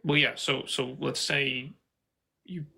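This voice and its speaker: A man whose voice is gravelly and husky, with a bright, tense edge. He debates in a hesitant, halting way and reads out figures from his notes. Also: mid-range voice, fairly even intonation, poor audio. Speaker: debate opponent. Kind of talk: online debate, reading notes aloud.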